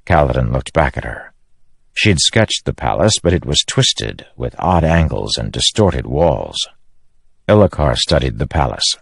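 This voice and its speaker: Deep guy reading an audiobook, lots of pitch movement, dry close sound. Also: expressive, measured pace, creaky, no room sound. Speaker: audiobook narrator. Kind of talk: scripted narration.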